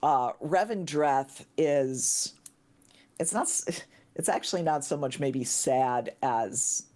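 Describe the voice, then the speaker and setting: Excitable woman gushing on a podcast. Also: extremely low pitch, slow pace. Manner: excitable, gushing, shrieks when thrilled. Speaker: podcast guest. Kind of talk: casual chat.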